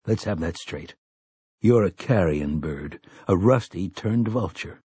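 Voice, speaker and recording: A man voicing a cold, blunt gunslinger in an audiobook, speaking low, slow and quietly menacing. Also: lively intonation, breathy edge, no room sound, heavily acted. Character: stern weathered male gunslinger, cold and blunt.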